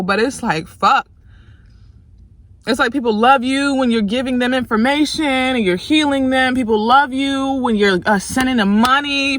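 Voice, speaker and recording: A young woman, a tarot reader, venting to her viewers in a frustrated, profane rant, worn out and swinging from loud outbursts to low, tired muttering. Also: a little hiss or hum. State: exhausted.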